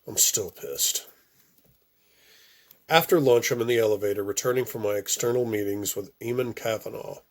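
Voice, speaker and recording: Man, lowish voice, amateur audiobook reading, first person, soft phrase endings, a few restarts. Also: normal speed. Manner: reads with occasional stumbles and restarts. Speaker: audiobook reader.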